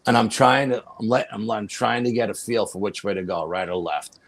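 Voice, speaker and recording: Male podcast guest, gravelly low voice, casual animated storyteller. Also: a little fast. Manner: animated, profanity, laughs while telling.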